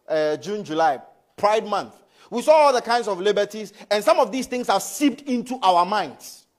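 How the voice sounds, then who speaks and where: A man with a strikingly high voice preaches to his congregation. His pitch leaps up and down as he swings from loud, forceful emphasis to hushed asides. He keeps checking in with the congregation as he talks. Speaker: pastor. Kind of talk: sermon. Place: church.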